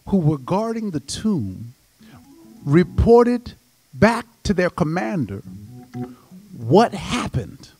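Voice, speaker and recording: A man pastor preaching an impassioned, emphatic sermon in a church, his voice swelling to shouts. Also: high-pitched. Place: church sanctuary.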